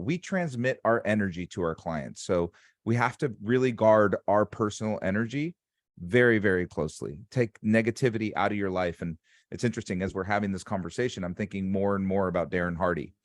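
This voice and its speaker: A man's voice: on the low side, fairly quick, no echo, studio quality. A man hosting a casual interview as a sales coach, talking in an emphatic, motivational way. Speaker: sales coach and podcast host.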